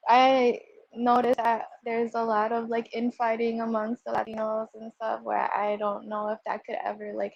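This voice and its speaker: A woman's voice: a little high, vocal fry, a little mellow. A woman from Puerto Rico, a guest on an interview, talking casually and hesitantly with many fillers. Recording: dull, muffled sound.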